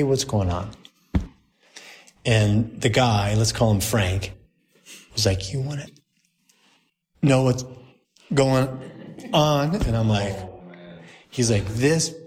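A man's voice: medium pitch, a little hiss or hum. A man, a priest, telling a story to a group in a chatty, anecdotal way and laughing at his own jokes.

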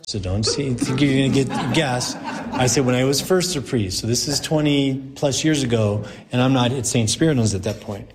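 A man in his forties, a priest, telling a story to a group in a lively way, laughing at his own anecdote. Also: medium pitch, background noise.

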